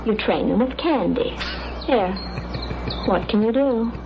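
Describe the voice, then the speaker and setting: A sneering bigoted social worker. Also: female voice, fairly high pitch, expressive, unhurried. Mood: contemptuous. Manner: clipped, contemptuous, lecturing. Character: scornful bigoted female social worker, middle-aged. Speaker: social worker in an old educational film. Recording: dull old film soundtrack with hiss.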